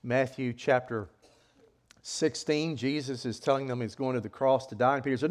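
A man preaching a sermon in an animated way, acting out voices with sudden loud outbursts. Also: mid-range voice, moderate pace.

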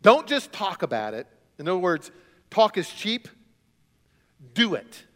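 A man preaching a sermon as a student pastor, telling stories with big swings between quiet and loud. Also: high-pitched, big pitch swings, a little slow. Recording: long hall reverb.

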